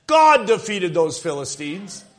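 An older man preaches a revival sermon in a high-pitched voice. He builds to fervent peaks and slips into acted quotes of the people in his story. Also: sing-song, measured pace.

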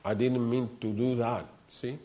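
A man's voice: medium pitch, fairly even intonation, unhurried, warm tone. A man preaching a sermon, telling his story earnestly, repeating himself and turning often to the listeners.

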